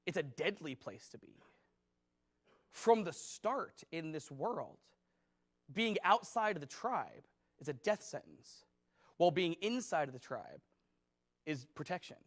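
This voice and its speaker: A man's voice: on the high side, fairly bright tone. A man preaching a conversational sermon as pastor, talking casually and rambling with many fillers.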